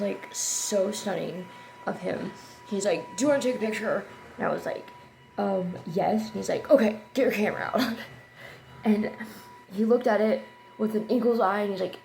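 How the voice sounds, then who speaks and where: A chatty woman in a casual storytime, her voice slipping between hushed asides and loud bursts. Her tone has a gravelly, fry-tinged edge, and a faint hiss of noise sits behind her. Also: medium pitch. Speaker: vlogger telling a story.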